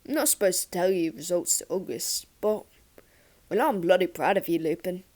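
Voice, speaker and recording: A woman voicing a gruff, kindly male professor with a Liverpool accent in an audiobook. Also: on the low side, animated, moderate pace, darkish tone, natural voice. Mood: proud.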